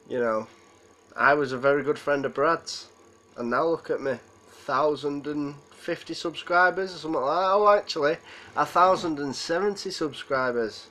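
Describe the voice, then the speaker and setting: A man's voice: mid-range voice, moderate pace, pushed and bright, poor audio. A man hosting a live stream, holding back tears as he rambles and answers viewers' comments. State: close to tears. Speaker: livestream host. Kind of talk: emotional live stream chat.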